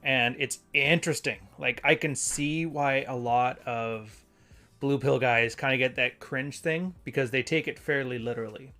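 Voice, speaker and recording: A man's voice: medium pitch, moderate pace, sharp tone, soft background music. A man hosting a live stream, talking casually and rambling as he reads passages aloud and corrects himself mid-sentence. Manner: rambling, conversational, self-correcting. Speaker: host.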